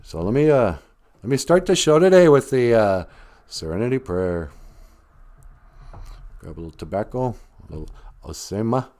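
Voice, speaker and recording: A man's voice: lowish voice, expressive, moderate pace, long pauses, a little mellow. A middle-aged man hosting a live stream, talking casually and joking as he teaches Ojibwe words and says a prayer. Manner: joking and rambling, breaks into laughter and prayer.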